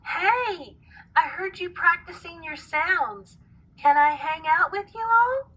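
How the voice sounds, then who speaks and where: A woman's voice: sits high, expressive, slow pace, pushed and bright, lo-fi sound, voice pushed up, full character voice. A woman voicing Schwa, a lazy male sound character from a storybook, hesitant and trailing off with "uh". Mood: eager.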